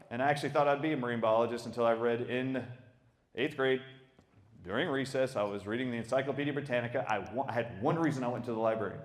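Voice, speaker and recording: A middle-aged man, a doctor giving a talk, who tells personal stories in an emphatic, animated way and often laughs. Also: medium pitch. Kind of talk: storytelling talk.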